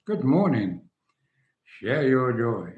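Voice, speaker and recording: Slow older English man, echoey room. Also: medium pitch, very animated, phone-quality sound, slight background noise. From England. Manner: chatty, rambling, answers viewers by name. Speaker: livestream host. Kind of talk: casual livestream chat reading comments.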